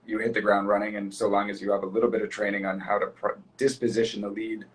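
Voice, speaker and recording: A man in a casual chat, explaining step by step in a steady, plain way with small repeats. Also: fairly low pitch, quick pace, slight background noise, poor audio.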